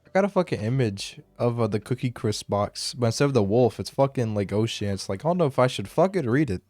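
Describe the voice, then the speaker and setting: A man's voice: medium pitch, fast, no room sound. A man co-hosting a podcast in casual chat, swearing and laughing often. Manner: profane, laughing, lively. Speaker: podcast co-host.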